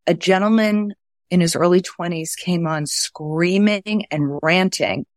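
A woman's voice: on the low side, no room sound, studio quality. Earnest woman telling stories. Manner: earnest, acts out quoted dialogue. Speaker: guest author. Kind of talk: conversational storytelling.

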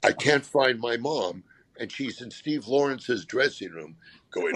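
A man's voice: mid-range voice, expressive, measured pace, a bit bright, husky, no room sound. A man in casual conversation, a guest comedian telling rambling, self-deprecating anecdotes with frequent restarts. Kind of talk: casual storytelling chat.

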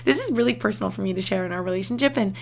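A young woman with a mid-range voice and vocal fry talks very fast in a personal vlog about her relationship. She's emotional and close to tears, filling her speech with "like."

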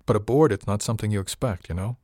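A scrappy, plain-spoken female crewhand who shrugs off threats and talks back bluntly, as a male reader voices her. The voice stays fairly low and dry. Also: quick pace, a little mellow, dry recording, natural voice. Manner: blunt, casual, defiant. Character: tough, blunt female crew member, unafraid to fight.

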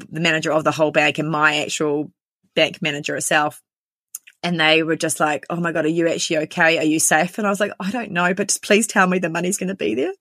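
Nz woman in her 30s telling what happened to her, quick, voices everyone, dry close sound. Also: sits low, fairly bright tone, dry recording. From New Zealand. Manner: candid, quick, full of quoted dialogue. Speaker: interviewee. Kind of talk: recounting a personal story.

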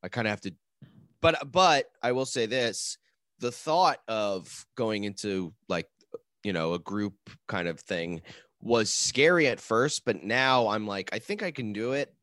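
Hesitant low-voiced man chatting. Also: expressive, no room sound, clean studio sound. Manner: hesitant, halting, soft-spoken. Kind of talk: casual chat.

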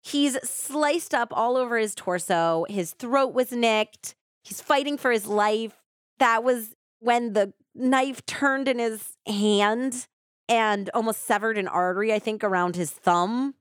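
A woman hosting a true crime podcast, retelling the case in a casual, animated way full of quoted voices and asides. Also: fairly high pitch, slow, dry recording, clean studio sound. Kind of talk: casual storytelling narration.

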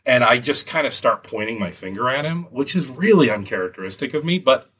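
A man's voice: medium pitch, animated, fairly quick, bright, forceful tone, breathy edge. A man with a Western New York accent, a business owner, telling a story in casual chat, acting out quotes and swearing freely.

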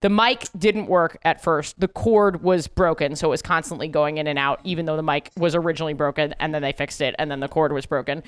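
Smooth-voiced woman telling road stories. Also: deep voice, brisk, few pauses. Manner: animated storyteller, swears freely. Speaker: podcast co-host, comedian. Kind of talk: casual chat.

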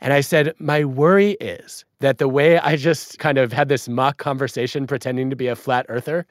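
Middle-aged man, animated storyteller who plays both sides of a debate, dry studio sound. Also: medium pitch, moderate pace, no room sound. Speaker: guest author. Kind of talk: podcast conversation.

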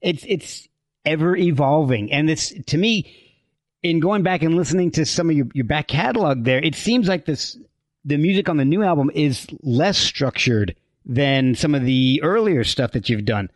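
A man's voice: on the high side, expressive, moderate pace, no room sound. A man hosting a casual interview, asking curious, easygoing questions. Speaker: podcast host.

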